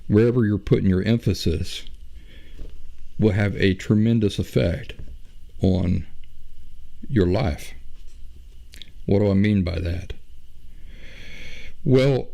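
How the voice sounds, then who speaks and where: A middle-aged man hosting a podcast, talking through ideas in a slow, conversational monologue full of rhetorical questions. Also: sits low, creaky, dark tone. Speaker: podcast host. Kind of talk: reflective monologue.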